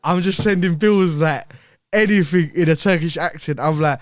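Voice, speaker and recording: A young man, a podcast guest telling animated stories in slang, often repeating himself. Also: high-pitched, moderate pace. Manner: animated storyteller, heavy slang, repeats words. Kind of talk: casual chat.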